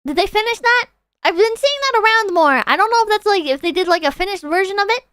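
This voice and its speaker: A woman livestreaming in casual chat, rambling excitably, swearing freely and reading out viewer donations. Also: very high voice, fast, no room sound.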